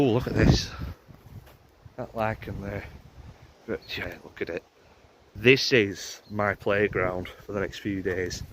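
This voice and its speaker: A man's voice: fairly low pitch, pushed and bright, slight background noise. A young man from Lancashire chatting casually to camera for a travel vlog, rambling and laughing often, filmed outdoors at a forest campsite on a handheld camera. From Lancashire, England. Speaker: vlogger.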